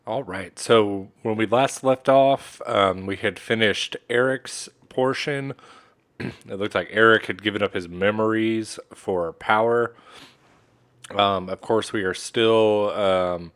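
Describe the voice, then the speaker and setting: A man giving relaxed let's-play commentary, with frequent ums. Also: on the low side, slow. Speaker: game streamer.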